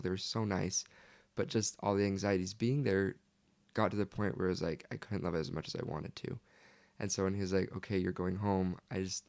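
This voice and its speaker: A man's voice: low voice, gravelly, a little mellow. A young man, a guest on an interview podcast, telling his story earnestly and peppering it with "like". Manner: earnest, leans heavily on "like".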